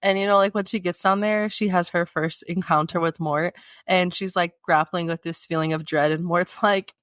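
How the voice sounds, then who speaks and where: A young woman co-hosting a podcast, with a voice slightly lower than most women's. She talks loosely and quickly drifts into retelling scenes. The recording is close and dry. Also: steady tone, a bit bright, dry recording. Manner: chatty, laughs often, acts out characters in quotes. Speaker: podcast co-host. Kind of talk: casual book discussion.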